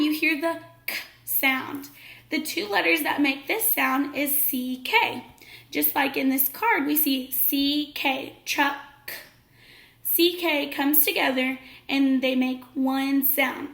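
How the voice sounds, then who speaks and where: A woman teacher giving a phonics lesson to young children, speaking slowly and clearly with encouraging praise. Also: high-pitched, sharp tone, reverberant. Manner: slow, clear, encouraging classroom delivery.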